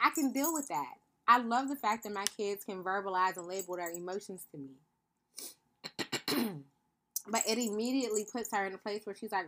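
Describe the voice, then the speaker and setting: A woman's voice: medium pitch, sharp tone. Earnest woman podcaster thinking aloud. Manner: earnest, thinks aloud with frequent "right?" check-ins; calls listeners "beloved". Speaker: podcast host. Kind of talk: reflective podcast monologue.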